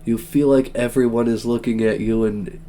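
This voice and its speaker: A man's voice: mid-range voice, fairly even intonation, normal speed, dark tone, slight background noise. A young man streaming a game, reading its text aloud with joking, gushing asides. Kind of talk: let's-play narration.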